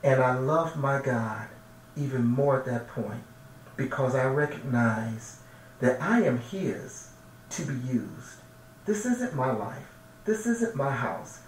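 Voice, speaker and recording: A male minister tells a heartfelt personal testimony, earnest and emotional, often doubling back over his words. His voice sits at an ordinary middle pitch. It is picked up from some distance in an echoey room, with faint noise underneath. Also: lively intonation, takes it slowly. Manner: earnest, emotional, repeats himself while searching for words.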